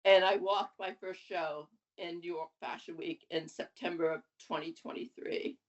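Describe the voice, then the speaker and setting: A woman in her seventies, a guest on an interview podcast, telling her story in a lively, animated way. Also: lowish voice, moderate pace. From USA. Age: 70s. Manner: lively, animated storytelling with laughs and acted quotes. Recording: dull lo-fi audio.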